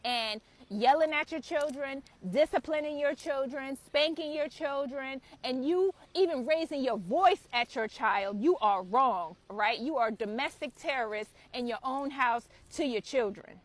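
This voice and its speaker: A woman's voice: high-pitched, measured pace, few pauses. A woman hosting her own spiritual channel, giving an impassioned, preachy talk to camera and swearing freely. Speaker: spiritual author and channel host.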